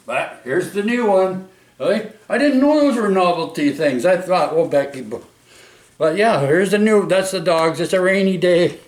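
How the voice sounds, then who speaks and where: A man's voice: high voice, lively intonation, moderate pace, far from the mic. A middle-aged man from Vancouver, telling true stories in a rambling vlog from home, full of restarts, "oi" and "right?". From Vancouver, Canada. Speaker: vlogger. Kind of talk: rambling casual storytelling. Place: indoors at home. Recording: roomy echo, speaker away from mic.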